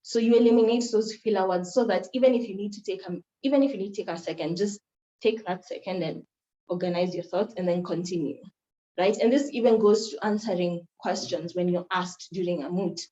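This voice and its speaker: A woman's voice: mid-range voice, fairly quick, warm tone, slight background noise. A young woman from Kenya giving a workshop talk on moot court, earnest and instructive, stressing key points by repeating them. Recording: roomy, dull lo-fi sound.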